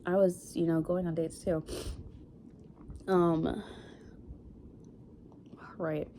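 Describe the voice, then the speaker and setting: A woman's voice: on the low side, little pitch movement, extremely slow, dark tone, a little hiss or hum. A young woman in her twenties telling a dating story in a casual vlog, rambling with lots of fillers and sniffling after crying. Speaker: vlogger.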